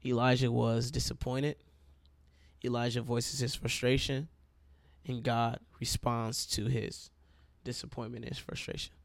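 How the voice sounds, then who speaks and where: A man's voice: mid-range voice, little pitch movement, unhurried, gravelly, dry recording. A man preaching a sermon in a conversational way, calling his listeners y'all, with an itchy throat.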